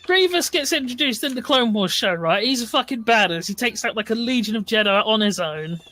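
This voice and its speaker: A woman's voice: on the high side, expressive, fairly quick, a bit bright. Dry sardonic British woman. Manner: dry, sardonic, swears casually. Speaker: gaming commentator. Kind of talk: casual let's-play chat.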